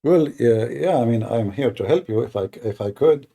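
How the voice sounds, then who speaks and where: A man's voice: medium pitch, expressive, normal speed, vocal fry, mellow, breathy edge. A man hosting a live online debate, arguing in a sarcastic, combative way. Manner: sarcastic, argumentative. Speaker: debate host.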